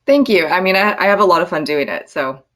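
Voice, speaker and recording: A woman's voice: fairly low pitch, expressive, quick pace, a bit bright. A woman, an actress, chatting casually in an interview, thoughtful and often starting with um or like. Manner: thoughtful, lots of filler and restarts. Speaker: actress guest.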